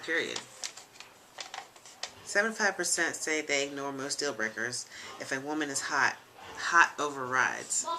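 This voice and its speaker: A young woman's voice sits low as she hosts a casual web show of her own, seated in a leather chair in a room at home. She's chatty, frank and jokey, sprinkling in ums and asides, and background noise can be heard.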